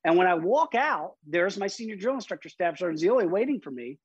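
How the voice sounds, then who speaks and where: A man's voice: high voice, very animated, fairly quick, husky, no echo, muffled recording. A man, an interview guest, vividly retelling a personal story with emphatic restarts.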